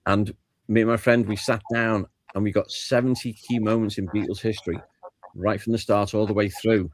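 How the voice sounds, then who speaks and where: A man's voice: fairly low pitch, normal speed, rough recording. A man with a British accent, a guest author chatting casually in a remote interview. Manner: relaxed, chatty, hesitant restarts. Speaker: guest author and music historian. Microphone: video call.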